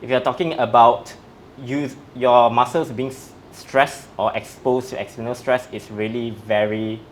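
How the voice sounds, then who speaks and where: A man's voice: medium pitch, fairly even intonation, unhurried, a little hiss or hum. Methodical male strength coach explaining. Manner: methodical, breaks facts down step by step. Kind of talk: explaining in an interview.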